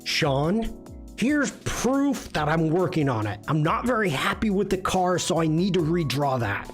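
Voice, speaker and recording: A man imitating a male viewer in a livestream chat, reading the viewer's message in a slowed, mock-careful way. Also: on the high side, very animated, soft background music. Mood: mock-earnest.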